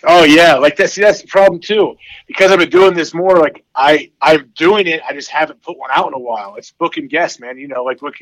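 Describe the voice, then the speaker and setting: A man in his forties chatting casually as an interview guest, rambling with many fillers and getting animated when he quotes his kids. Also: a little high, brisk, no room sound, rough recording. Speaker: podcast guest, former football player.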